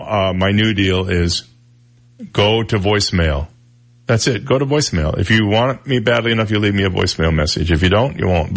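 A middle-aged man hosting a radio talk show, delivering a gruff, opinionated monologue in a casual, conversational way. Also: sits low. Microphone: studio microphone.

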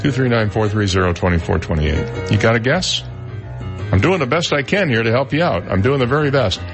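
A man's voice: medium pitch, expressive, brisk, music in the background. A man hosting a morning radio show, running a call-in quiz and reading news, playful and fond of repeating himself. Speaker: radio talk show host.

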